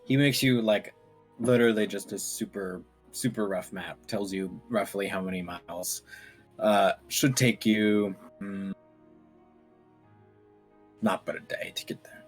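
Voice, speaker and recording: Low-voiced man running a tabletop game. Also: measured pace, pauses often, soft background music. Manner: relaxed, describing scenes with fillers. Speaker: game master.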